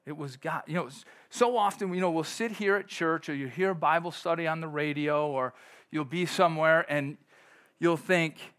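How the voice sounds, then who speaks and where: A middle-aged man preaching a sermon in a fairly high voice. He talks to the congregation like a friend, then breaks into sudden loud bursts. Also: normal speed. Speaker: pastor.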